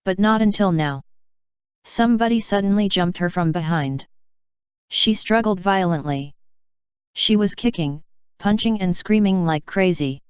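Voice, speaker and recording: A woman narrating an audiobook in an even, steady reading, on a dull lo-fi recording. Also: fairly low pitch, clean tone, no echo.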